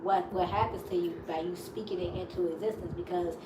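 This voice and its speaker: A woman with a Chicago accent co-hosting a live chat, telling stories in an animated way with many restarts. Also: on the low side, brisk. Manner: animated storytelling, frequent laughs and restarts. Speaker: live show co-host. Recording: echoey room with steady background noise.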